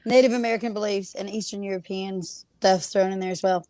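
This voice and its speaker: A woman's voice: medium pitch, fairly even intonation, fairly quick, dark tone. A young woman from the Appalachian Mountains with an Appalachian accent, a guest on a video call, supportive and chipper. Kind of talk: casual chat.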